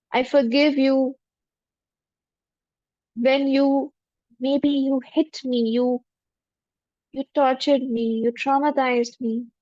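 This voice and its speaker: Lady leading a meditation, soft humble repeating lines, highish voice, kinda lo-fi dry sound. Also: no echo. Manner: gentle, humble, repetitive affirmations. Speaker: spiritual teacher. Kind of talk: guided forgiveness meditation. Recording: dull lo-fi dry recording.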